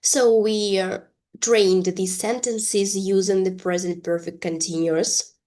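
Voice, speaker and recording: A woman teaching an English lesson, reading example sentences slowly and deliberately. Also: mid-range voice, steady tone, mellow.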